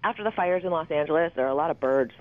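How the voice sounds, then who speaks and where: A woman's voice: low-pitched, racing. A woman in her fifties, a guest in a casual interview, rambling candidly and swearing freely. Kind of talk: casual phone interview chat. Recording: tinny phone line.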